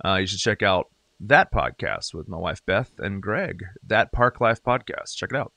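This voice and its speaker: Middle-aged man, light Southern accent, slightly low and bright voice, lively storytelling guest in a home studio. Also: moderate pace, dry recording. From South Carolina. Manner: chatty and animated, frequent restarts. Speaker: guest, singer-songwriter and radio DJ. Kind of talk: casual interview chat.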